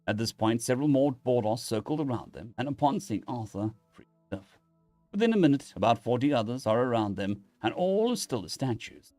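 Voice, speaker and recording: A man narrating internet science fiction stories aloud, reading in a lively way and correcting his slips. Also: medium pitch, a little fast, no room sound, faint music behind. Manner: lively, animated reading with restarts. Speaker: story narrator.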